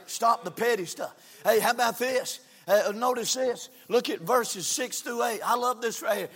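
Man, fiery baptist sermon, bright high voice, long church reverb. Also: slightly rough. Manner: shouting, drawn-out emphasis, folksy. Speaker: preacher. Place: church sanctuary.

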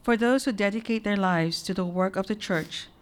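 Woman reading the prayers of the faithful. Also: medium pitch. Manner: measured liturgical reading. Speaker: lector reading intercessions.

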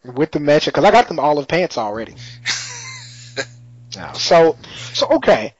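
In a relaxed, slangy chat, a man with a fairly high voice retells a TV episode, laughing often and sounding very animated while taking his time. The lo-fi audio is dry and slightly muffled, with no echo.

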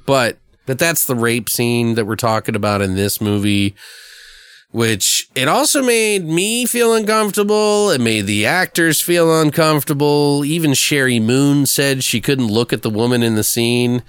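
A man in casual podcast chat, cursing freely and acting out lines from a film. His voice sits at an average pitch and is recorded dry and close, with no room sound. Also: normal speed, a bit bright, smooth, no room sound. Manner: profane, laughs often, acts out quotes. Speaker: podcast host. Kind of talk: casual movie discussion.

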